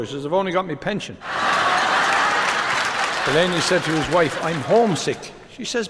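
An older man, telling a string of deadpan one-liner jokes on stage. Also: on the high side, normal speed, pauses often, long reverb tail, crowd noise, noisy background. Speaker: comedian. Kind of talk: stand-up joke telling.

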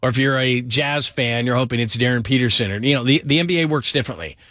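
A middle-aged man giving an energetic, emphatic sports talk monologue about football, piling up names and quick asides. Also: medium pitch, no room sound, clean studio sound. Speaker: football commentator.

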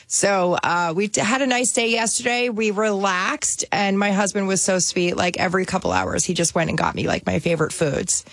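A woman's voice: medium pitch, animated, moderate pace, hardly any pauses, dry recording. A woman from New Jersey, co-hosting a radio talk show in a chatty, bubbly way. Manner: chatty, bubbly, says "like" a lot. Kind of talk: casual chat.

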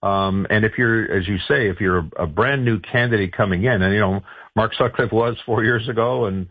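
A man's voice: fairly low pitch, normal speed, slightly rough, dry recording, phone-quality sound. A man giving political advice in a radio interview, talking loosely with many fillers and restarts. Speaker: political strategist guest.

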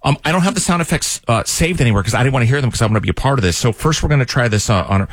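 A man's voice: mid-range voice, lively intonation. A man hosting a radio morning show, leading a casual, playful segment. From Maryland, USA. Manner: quick, playful, runs the segment.

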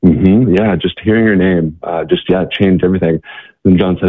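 Deep husky man on a phone line. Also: moderate pace. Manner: hesitant, many fillers and restarts. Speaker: guest. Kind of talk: storytelling in conversation.

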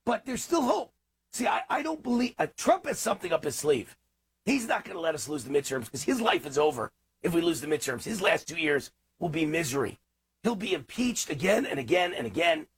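A man's voice: a little high, big pitch swings, brisk, breathy edge. A man hosting a talk radio show, delivering an impassioned, ranting political monologue.

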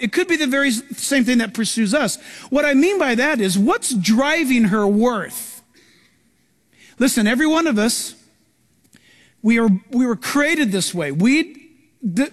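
A man preaching as a pastor, telling stories animatedly and acting out the voices of people in them. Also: very high voice. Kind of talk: sermon. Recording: live sermon in a reverberant hall.

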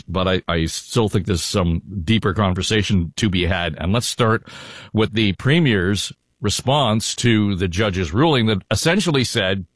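A man's voice: low voice, no room sound, clean studio sound. An older man hosting a politics podcast in a rambling, casual way with lots of fillers. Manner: rambling, with many fillers and restarts. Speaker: podcast host. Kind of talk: casual panel chat.

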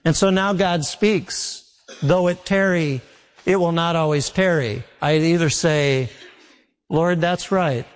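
Folksy preacher in an echoing hall. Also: male voice, on the high side, a little slow. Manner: folksy storytelling preacher, acts out quotes. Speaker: pastor. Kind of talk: sermon.

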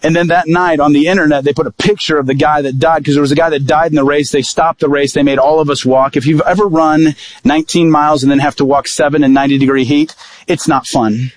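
A man's voice: a little high, fairly even intonation, fast talker, no echo. Evangelist man telling a sermon story. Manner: vivid storytelling, acting out quoted dialogue.

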